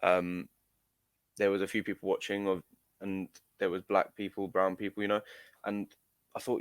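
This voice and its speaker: This amateur footballer guest is a young man telling an interview story in a relaxed, hesitant way, often restarting and leaning on fillers. He speaks at a normal speed in a low, level voice, with no echo.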